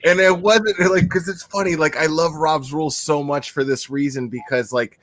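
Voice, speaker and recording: A man chatting casually on a podcast, an animated storyteller who laughs often and swears freely. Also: on the high side, normal speed. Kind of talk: casual chat.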